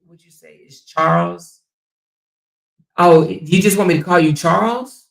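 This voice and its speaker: A woman's voice: on the low side, measured pace, vocal fry. A woman hosting a casual livestream, reading viewer comments aloud and chatting back in reply. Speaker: livestream host.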